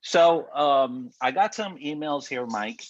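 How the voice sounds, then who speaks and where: A man co-hosting a casual podcast, teasing his friend in a deadpan way, with a slight lisp from a bitten tongue. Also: mid-range voice, slow, no room sound, muffled recording. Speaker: podcast co-host. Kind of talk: casual joking chat.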